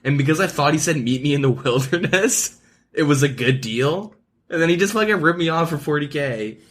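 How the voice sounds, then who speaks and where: A man's voice: on the high side, expressive, fairly quick, a bit bright. A man co-hosting a podcast in casual chat, laid-back, with short reactions and casual swearing. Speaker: podcast co-host.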